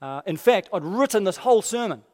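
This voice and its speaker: Guy preaching in a church hall, goes soft and low on quotes, echoey. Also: fairly quick. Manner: expressive, dips quiet for quoted lines. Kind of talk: sermon. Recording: long hall reverb.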